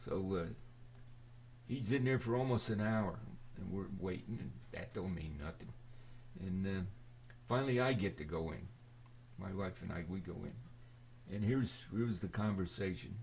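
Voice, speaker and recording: An older man telling a rambling personal story to his camera, halting and forgetful, with many restarts and fillers. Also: low voice, a little mellow. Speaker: video storyteller.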